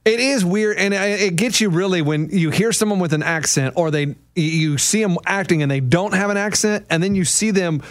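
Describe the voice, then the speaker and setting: A man's voice: sits high, a little fast, hardly any pauses, no room sound. A man co-hosting a podcast, chatting casually in a rambling, self-interrupting way. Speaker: podcast co-host. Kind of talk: casual banter.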